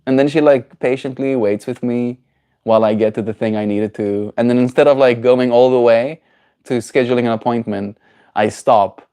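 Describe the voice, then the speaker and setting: A man's voice: mid-range voice, fairly even intonation, normal speed, dark tone, clean tone. A man chatting casually on his daily livestream, rambling and playful as he answers his chat. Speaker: daily streamer.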